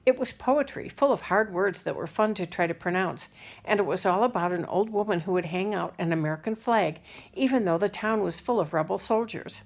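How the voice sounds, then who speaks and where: Gravelly-voiced woman reading a children's novel. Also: medium pitch, brisk. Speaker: audiobook reader. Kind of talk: scripted narration of a children's novel.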